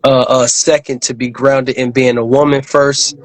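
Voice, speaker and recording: A man hosting an interview who asks long, halting questions full of fillers and repeats, and keeps affirming the guest. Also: mid-range voice, little pitch movement, dry recording, low-quality recording. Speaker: interview host. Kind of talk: casual interview.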